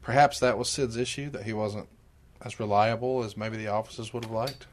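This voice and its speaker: A man's voice: on the low side, fairly even intonation, moderate pace, a little hiss or hum. A man co-hosting a podcast, asking questions and sharing his enthusiasm as a fan in casual chat. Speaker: podcast co-host.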